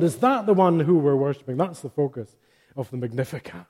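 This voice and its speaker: Male pastor, mellow tone, slightly high voice, chatty and joking, reads scripture with emphasis. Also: expressive, unhurried, vocal fry. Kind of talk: sermon.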